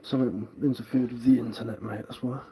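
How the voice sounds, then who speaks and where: A man's voice: medium pitch, fairly even intonation, fast, mellow, slight background noise. A man with a London Cockney accent and a touch of Sussex, chatting casually on a livestream while he carves wood, rambling a little and answering viewer comments. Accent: London Cockney with some Sussex. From England. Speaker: livestreaming bushcraft woodcarver.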